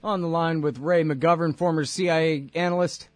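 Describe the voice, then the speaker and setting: A man's voice: on the high side, fairly even intonation, moderate pace, no echo. A man hosting a talk radio show and interviewing a guest, ranting in a heated, sarcastic way.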